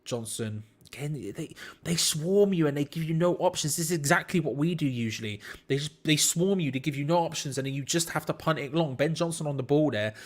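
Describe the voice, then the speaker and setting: During a live football watch-along, a man comments on the play to his chat in disbelief, laughing at poor defending. His voice is a little high, and he speaks briskly with few pauses.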